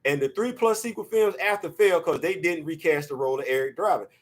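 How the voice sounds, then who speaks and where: Man, high-pitched voice, excitable casual pop-culture host, shouts and laughs. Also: fast talker.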